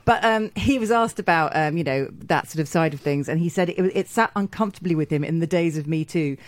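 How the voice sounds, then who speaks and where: A woman's voice: low voice, fairly quick, dry recording. A woman guest on a studio chat podcast, a TV critic who talks bluntly, swears and laughs often. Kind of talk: casual chat.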